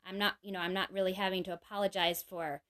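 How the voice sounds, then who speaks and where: A woman's voice: mid-range voice, level tone, fast, a bit bright. A woman in her thirties explaining a parenting idea in a casual talk, full of "you know" and "right?", acting out quoted lines in a livelier voice. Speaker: parenting speaker.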